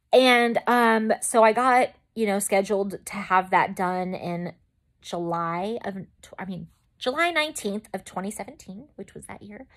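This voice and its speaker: A young woman talks straight to her viewers in a relaxed storytime vlog, with her voice at an ordinary middle pitch. She rambles, breaks off into asides and restarts her sentences. She also acts out how she reacted at the time. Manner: chatty and rambling, with side remarks and restarts. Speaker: makeup vlogger.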